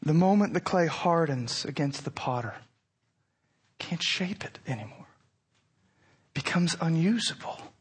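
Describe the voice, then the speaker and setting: Male preacher with a high voice, impassioned, moving from hushed to near-shouting. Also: lively intonation, unhurried, pauses often, slightly rough. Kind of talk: sermon.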